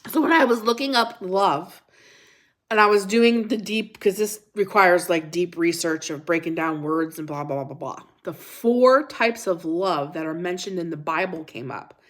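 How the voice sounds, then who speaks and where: A woman's voice: lowish voice, moderate pace. A middle-aged woman hosting a casual livestream devotional chat, reading viewer comments and scripture aloud, repeating herself and unsure of pronunciations. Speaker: livestream host.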